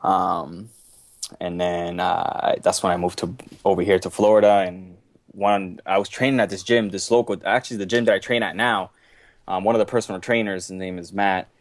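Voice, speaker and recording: A man's voice: deep voice, fairly even intonation, normal speed, dry recording. A man in his twenties from Boston, guesting on a podcast, laid-back and rambling. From Boston, USA. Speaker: guest athlete. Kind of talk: casual podcast chat.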